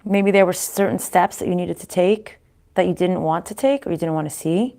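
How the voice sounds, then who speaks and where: A woman giving a casual tarot reading to viewers, pausing to consult spirits aloud and often restarting her sentences. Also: on the low side, mellow. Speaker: tarot card reader.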